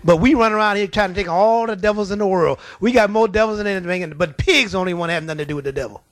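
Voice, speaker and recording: A male preacher delivering an animated, colloquial sermon, telling stories with chuckles along the way. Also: high voice, fast talker, no room sound.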